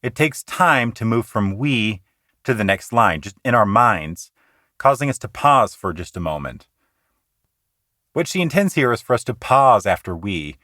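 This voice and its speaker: A man hosting a poetry podcast, explaining meter in an earnest, conversational teaching manner that shifts between quick asides and slow, deliberate reading. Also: fairly low pitch, sharp tone, no echo, clean studio sound. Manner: earnest, explanatory, slows down to recite lines rhythmically.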